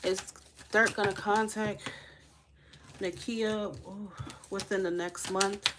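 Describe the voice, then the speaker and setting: A woman's voice: mid-range voice, steady tone, slow pace, noisy background. Chatty woman giving tarot readings. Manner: chatty, laughing, addresses viewers as y'all. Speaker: tarot reader. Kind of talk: live-stream tarot reading.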